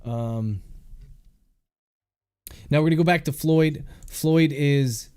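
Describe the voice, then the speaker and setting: A man at a studio microphone dictates his novel line by line, calling out each comma and period. Between chapters he drops into relaxed, joking chat with his viewers. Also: on the high side, takes it slowly, clean tone. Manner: speaks punctuation aloud, chatty and joking between chapters.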